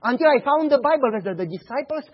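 A man preaching a sermon, telling stories in an animated way and acting out the dialogue. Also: very high voice, fast talker, slightly rough, dull audio. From Romania. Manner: animated storytelling, acts out dialogue.

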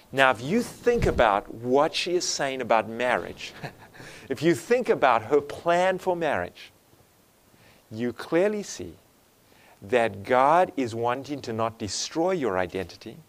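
A man preaching a sermon in an earnest way, often asking the congregation for an amen. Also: on the high side. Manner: earnest, asks the congregation for amens.

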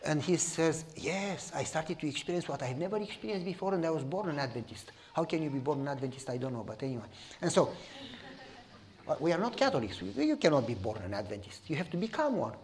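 Animated preaching man with a Romanian accent. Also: a little high, quick pace, a little hiss or hum. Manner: animated, repeats "You follow me?". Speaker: pastor. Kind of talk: sermon storytelling.

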